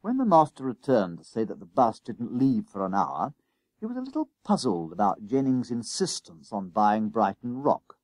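A man reading a children's story aloud in an expressive narrating voice. His pitch moves in a lively way through the sentences. The recording is close and dry, with no room sound. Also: normal speed, no echo. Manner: expressive, does character voices.

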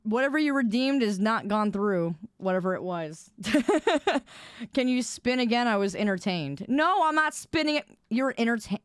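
A woman streamer chatting casually with her viewers, loud and expressive, swinging her voice up and down and protesting at every tease. Her fairly high voice is smooth and clean, recorded dry and close. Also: moderate pace, dry recording.

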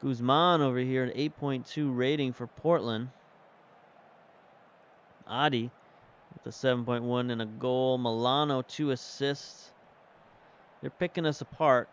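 A man with a smooth voice on the high side gives casual, chatty commentary while playing a football management game. He thinks out loud about tactics and substitutions as he handles the match. The audio has its highs cut off.

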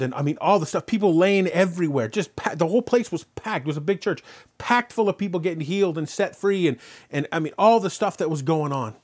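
A man preaching a sermon as pastor, telling a story and then driving points home with repeated rhetorical questions. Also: on the high side. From Canada. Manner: animated preaching, rhetorical questions, rising loud on key points.

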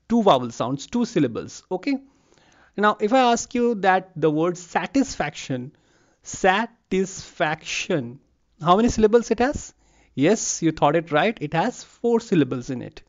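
A man's voice: high voice, dull audio. A man teaching a lesson, who repeats example words aloud and says okay often. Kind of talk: explaining a lecture. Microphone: lavalier.

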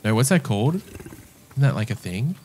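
A man's voice: medium pitch, sing-song, normal speed, over music. A man giving casual let's-play commentary, rambling, mocking himself and chatting to the game's characters. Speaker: gameplay commentator.

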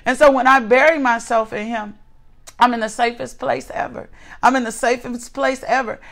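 A woman's voice: a little high, fairly even intonation, normal speed, creaky, a bit bright. A woman in her forties reading scripture and preaching a devotional message, fervent and repeating her phrases. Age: 40s. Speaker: host and preacher.

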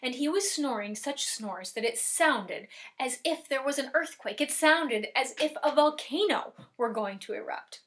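A woman storyteller telling a folk tale to families, dramatic, swelling loud and dropping soft. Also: sits high, expressive, a little slow, few pauses, slight background noise. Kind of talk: lively oral storytelling for families.

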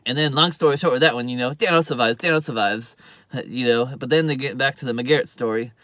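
A man gives a loose, rambling recap of a TV episode, filling it with "uh" and "you know." His voice is bright and forceful, recorded dry and close with no room sound. When he quotes the characters, he jumps louder and higher. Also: fast talker, no echo. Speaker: TV show reviewer. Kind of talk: casual spoken recap.

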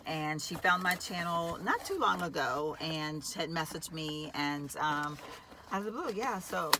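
Filming a casual vlog in her car, a lifestyle vlogger talks to her viewers and addresses them as y'all. She has a deep, expressive voice and a slightly slow pace, against heavy background noise.

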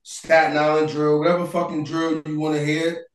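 A high-pitched man argues his point in a loud, heated way, swearing freely and breaking into shouts. His voice rings in an echoey room. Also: normal speed, recorded from a distance. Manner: loud, animated, profane, argumentative, often shouting. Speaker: interview guest. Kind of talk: heated casual debate.

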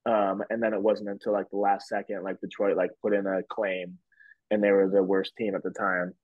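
A man's voice: deep voice, level tone, a little fast, dry recording. A man in his twenties, a podcast guest, telling a story casually with many fillers like "like" and "whatever". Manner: loose and rambling, heavy on fillers like "like" and "whatever". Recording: dull lo-fi, dry sound.

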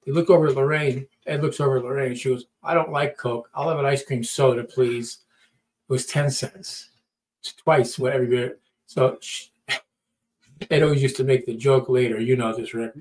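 A man's voice: mid-range voice, fairly even intonation, moderate pace, a little mellow. A middle-aged man telling a story in casual talk, acting out quotes and often repeating words. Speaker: podcast storyteller.

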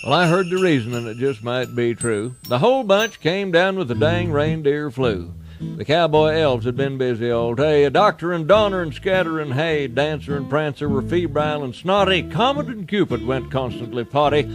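Folksy cowboy poet reciting. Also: male voice, fairly high pitch, animated, moderate pace, music in the background. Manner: folksy rhyming delivery. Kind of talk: comic cowboy poetry recital.

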